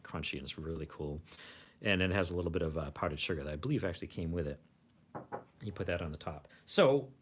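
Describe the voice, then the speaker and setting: A man's voice: low-pitched, slight background noise. A man hosting a casual livestream from home, rambling along with frequent restarts. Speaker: host of a food review channel.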